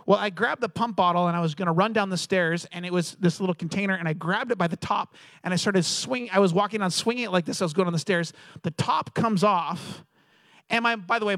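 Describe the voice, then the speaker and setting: A man delivers a sermon in a storytelling manner, slipping into quoted voices as he recounts family anecdotes. His voice sits high for a man. The sound is dry and close, with little room echo. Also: a bit bright. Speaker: pastor.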